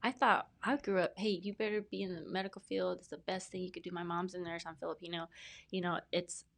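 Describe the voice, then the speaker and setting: A woman's voice: on the low side, steady tone, quick pace, gravelly. A woman in her thirties, a podcast guest telling her story in a casual, earnest, rambling way with many fillers and restarts. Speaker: podcast guest, brand specialist.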